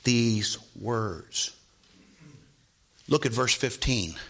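A man preaching a sermon, often asking the congregation "Amen?" and swinging from hushed tones to loud rising calls. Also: medium pitch, lively intonation, extremely slow. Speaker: pastor.

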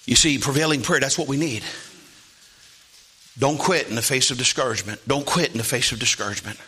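A man preaching a sermon in a church, swinging from soft asides to shouted lines. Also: medium pitch, a little fast, slightly rough.

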